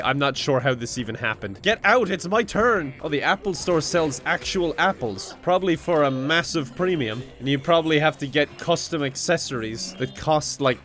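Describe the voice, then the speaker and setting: A man's voice: medium pitch, fairly bright tone. A man giving comedic gameplay commentary with sarcastic jokes and frequent laughs. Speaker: gaming YouTuber.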